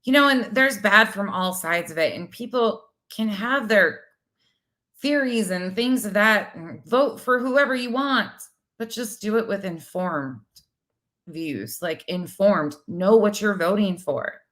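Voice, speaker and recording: A middle-aged woman with a medium-pitched voice co-hosts a casual livestream talk show. She reads viewer comments bluntly and animatedly, quick to swear.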